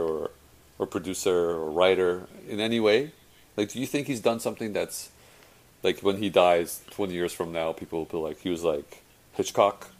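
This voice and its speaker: A man's voice: deep voice, darkish tone, rough recording. A man chatting casually about movies, rambling with lots of fillers and restarts. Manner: rambling, many fillers and self-corrections. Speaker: conversation partner. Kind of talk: casual chat about films.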